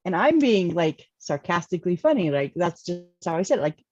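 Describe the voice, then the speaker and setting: A woman's voice: fairly low pitch, brisk, no room sound, highs cut off. A woman co-hosting a casual chat, telling stories with frequent laughter. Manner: laughing, animated storytelling.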